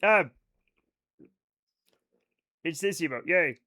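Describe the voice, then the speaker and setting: A man streaming a game live, talking in a high voice with a bright, forceful edge. He rambles and jokes loosely, swearing freely as he chats to his viewers. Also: expressive, drawn-out words, a little hiss or hum. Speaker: livestreaming gamer. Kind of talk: casual live-stream chat.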